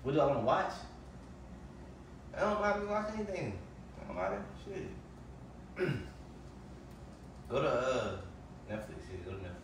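A man in casual chat who keeps getting louder and more irritated, demanding that someone speak up. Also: medium pitch, big pitch swings, moderate pace, long pauses. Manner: loud, baffled and irritated, demanding to be heard. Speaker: prank video co-host. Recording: roomy distant phone recording with background noise.

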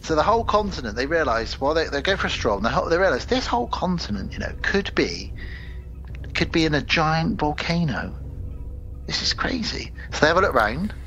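A man's voice: a little high, brisk, muffled recording, soft background music. Man retelling a movie plot. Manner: animated storytelling, retelling movie plots with acted quotes. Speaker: podcast co-host. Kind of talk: casual chat.

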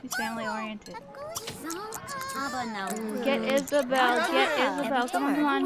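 Excitable high-voiced woman playing a game. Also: a little slow, pauses often, over loud music. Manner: excitable, urging her characters on. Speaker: let's play host. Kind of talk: casual gameplay commentary. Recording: noticeable background noise.

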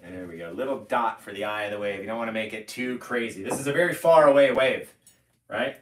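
A man's voice: on the low side, fairly quick. A man teaching a live painting tutorial from his home studio, easygoing and playful, often laughing. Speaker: painting instructor. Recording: echoey room.

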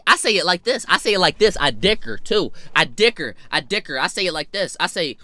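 A young man telling a funny personal story in a storytime vlog, animated and profane with sudden jumps in pitch and loudness. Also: a little fast, no room sound. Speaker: vlogger.

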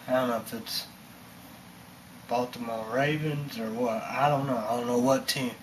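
A vlogger rants on camera in a casual, rambling monologue, repeating himself and relying on fillers. His voice is mid-range and unhurried, with slight background noise.

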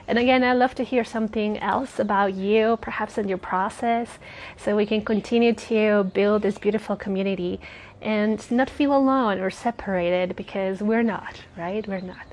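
A woman's voice: mid-range voice, fairly even intonation, normal speed, a little mellow. A woman in her thirties, a native Spanish speaker with a slight lisp, talking casually and earnestly to her viewers, rambling a little and laughing often. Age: 30s. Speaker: spiritual vlogger. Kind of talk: casual personal talk. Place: outdoors near a road. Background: passing cars.

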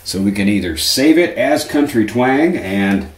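A man's voice: lowish voice, expressive, measured pace, roomy sound. A man hosting a casual guitar amp tutorial, chatty and self-correcting with dry little asides. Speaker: guitar lesson host.

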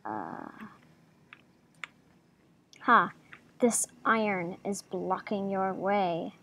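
A woman casually commenting on her own gameplay, talking to herself with jumpy reactions and soft murmured asides. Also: medium pitch, steady tone, extremely slow, muffled recording. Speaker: gaming video creator.

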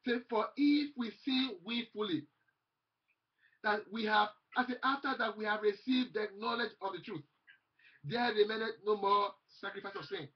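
A man delivers a fervent sermon in a husky voice, repeating his phrases and quoting scripture aloud. The recording sounds dull and lo-fi. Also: high-pitched, moderate pace. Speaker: preacher.

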